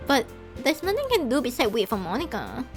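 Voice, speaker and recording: A woman streamer narrates a visual novel aloud as she plays, reacting with animated emotion. Her voice is high and moves a lot in pitch. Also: fast, soft background music. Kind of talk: reading a visual novel aloud while playing.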